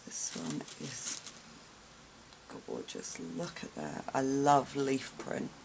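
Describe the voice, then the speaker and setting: A woman opening gifts in a casual vlog, talking softly and slowly, gasping and gushing over each item. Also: extremely low pitch, wildly swooping pitch, vocal fry, a little hiss or hum, low-quality recording. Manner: soft, slow and gushing, many gasps and sighs. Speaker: craft vlogger opening gifts.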